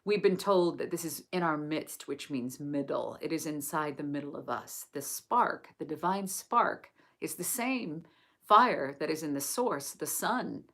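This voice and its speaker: A woman from England reading a sacred text aloud and then chatting gently and effusively with viewers on a live stream. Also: sits low, expressive, measured pace. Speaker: host of a live book study.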